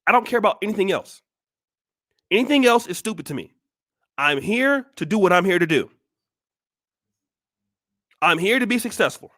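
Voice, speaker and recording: Male vlog host, very high voice, preachy and forceful, tough-love rant. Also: animated, moderate pace, long pauses. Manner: blunt, scolding, repeats rhetorical questions. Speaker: channel host. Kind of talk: blunt motivational monologue.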